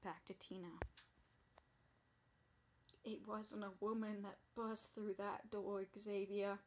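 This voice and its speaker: A woman's voice: mid-range voice, level tone, slow, lightly acted. A woman playing a sassy, dramatic young woman who tells a wild story in a breathless, indignant, gossipy way, as a comedy monologue. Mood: dramatic gossip.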